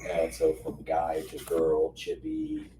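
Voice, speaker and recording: A deep, expressive male voice in casual podcast chat, hesitant and full of fillers. He sits far from the mic in a roomy space with clear background noise. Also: takes it slowly. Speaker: podcast co-host.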